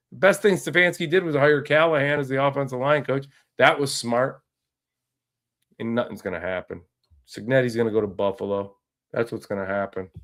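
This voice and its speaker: A man's voice: fairly high pitch, a bit bright. A man hosting a casual sports talk podcast, ranting in a frustrated way and often restarting his sentences. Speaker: podcast host.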